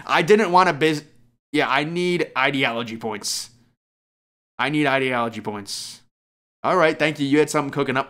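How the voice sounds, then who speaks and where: A young man giving casual, rambling gameplay commentary as a YouTuber, excitable and self-mocking. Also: mid-range voice, moderate pace. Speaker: gaming YouTuber.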